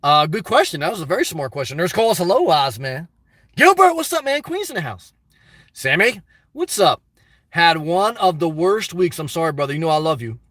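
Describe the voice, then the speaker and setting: Reading his viewers' chat out loud, this livestream host rambles crudely and breaks into loud, excited rants. He has a fairly high pitch and a moderate pace, and the sound is clean studio audio with no room sound.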